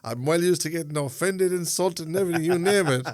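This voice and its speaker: A man's voice: fairly high pitch, darkish tone, no echo. A man with an Irish Traveller accent, co-hosting a podcast in casual chat, agreeable and often checking "isn't it?". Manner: quick, agreeable, often asks for confirmation. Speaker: podcast co-host.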